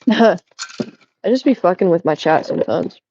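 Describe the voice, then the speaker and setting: A woman's voice: fairly low pitch, expressive, normal speed, darkish tone, highs cut off, a little hiss or hum. A young woman streaming as she cleans at home, chatting playfully and teasing her viewers in a rambling way. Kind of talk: casual chat while cleaning. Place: indoors at home.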